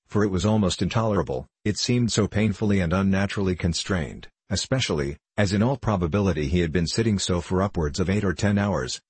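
A man narrates a classic novel in first person with measured, earnest storytelling. His voice is deep and husky. The recording is dry and close. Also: no echo. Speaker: audiobook narrator.

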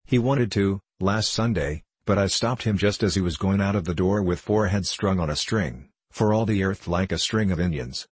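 A sly old innkeeper in a storybook reading, as a man puts him on, drawling in a rustic way and clipping his word endings. The voice is low and husky, heard close and dry. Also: moderate pace, hardly any pauses, dry recording.

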